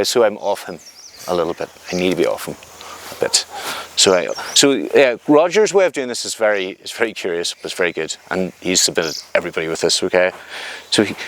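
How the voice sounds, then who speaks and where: A man with a fairly low voice teaches a grappling class on the mat. He talks it through slowly, repeating words and restarting as he demonstrates on a partner. A faint hiss of noise sits under the recording. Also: fairly bright tone. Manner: hesitant, repeats words while explaining; demonstrating techniques on a partner while talking. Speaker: jiu-jitsu instructor. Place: training mat, indoors.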